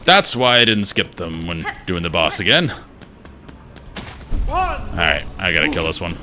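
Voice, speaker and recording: Low, lively man streaming a game. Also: a little slow, music in the background. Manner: thinking aloud, muttering to himself. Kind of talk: casual gameplay commentary.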